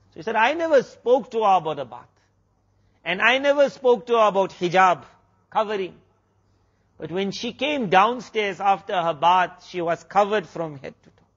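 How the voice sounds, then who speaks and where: A man's voice: sits high, fairly bright tone, muffled recording. A man preacher with a South African accent, telling a sermon story full of quoted exchanges. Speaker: Islamic preacher.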